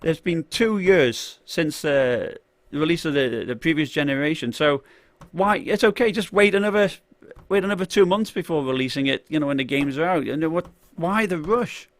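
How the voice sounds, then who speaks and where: A man with a fairly high voice hosts a casual tech-gear live stream, talking at a moderate pace with hardly any pauses. His loose, rambling runs are packed with "uh," "you know," and restarts, and he keeps breaking off to greet chat viewers by name. His voice is dry, with no room echo.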